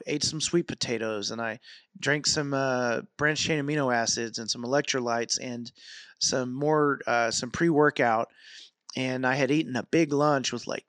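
A man's voice: medium pitch, no echo. A man vlogging casually about his training, telling a long story with lots of fillers and restarts. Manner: rambling, animated storytelling with many fillers. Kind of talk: casual fitness vlog.

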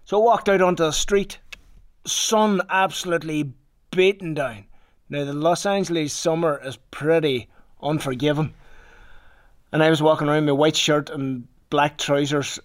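A man's voice: on the high side, fairly even intonation, normal speed. A man with a Northern Irish accent telling a rambling personal story in casual talk, swearing freely. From Northern Ireland.

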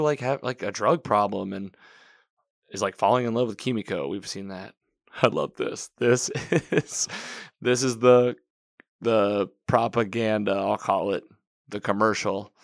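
A man's voice: fairly low pitch, no room sound, clean studio sound. Chatty man recapping a TV episode. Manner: chatty, rambling, self-correcting, quoting characters.

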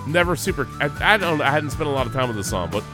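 A man co-hosting a sports podcast, chatting casually in a profane, rambling, animated way. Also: a little high, quick pace, music in the background. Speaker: podcast co-host.

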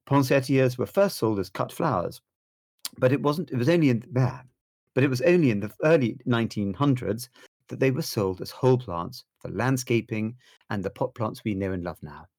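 A man's voice: mid-range voice, animated, normal speed, a little mellow, no room sound. Man, theatrical, gushing, podcast co-host, dry sound. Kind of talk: casual chat reading facts.

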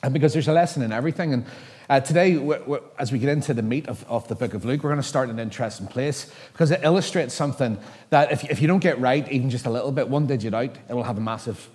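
A man's voice: mid-range voice, fast, a little mellow. A middle-aged man preaching a sermon from a stage microphone. He talks in a chatty, self-mocking way and laughs at his own stories. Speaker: pastor. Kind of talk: sermon with storytelling. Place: large church hall. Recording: church hall with long reverb.

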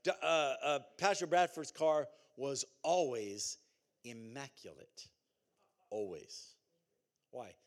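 A man preaching a sermon as pastor, in a conversational, animated way with call-and-response and repeated phrases. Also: medium pitch, slow pace.

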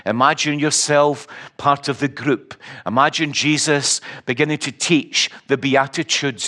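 A man's voice: medium pitch, steady tone, moderate pace, few pauses, bright, forceful tone. A middle-aged Scottish man preaching a sermon, telling stories with wry humor and emphatic repetition. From Scotland.

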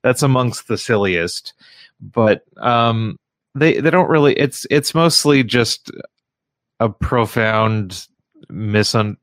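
A man hosting a casual radio talk show, speaking in a halting way with frequent restarts and fillers. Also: fairly low pitch, a bit bright, clean tone, dry recording, studio quality. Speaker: radio show host and comedy show runner.

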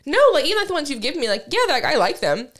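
A woman's voice: high-pitched, big pitch swings, very fast, a bit bright. A young woman co-hosting a casual podcast chat, telling stories, swearing freely and laughing often. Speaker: podcast co-host. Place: lived in a place with basements, now in Texas.

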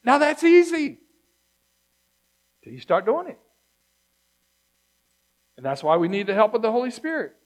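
Male pastor with a high voice, conversational sermon, builds to loud emphasis then drops hushed. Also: very animated, unhurried, long pauses.

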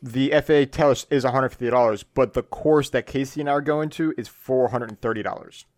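A man's voice: mid-range voice, a little fast, darkish tone, dry recording. A man co-hosting a casual hobby podcast, steering the recording and giving instructions. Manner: bossy, directing the recording. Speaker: podcast co-host. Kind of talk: casual chat.

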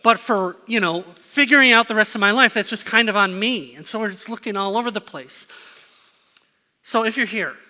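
Bright, conversational man preaching in church. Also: sits high, moderate pace, long reverb tail. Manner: conversational, asks the congregation questions. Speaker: pastor. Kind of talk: sermon. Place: church sanctuary.

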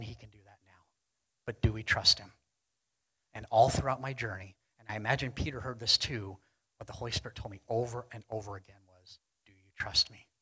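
Male preacher, husky and bright-toned, earnest, swings loud to hushed, faint music behind. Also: medium pitch, low-quality recording. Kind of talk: sermon. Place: church hall with congregation.

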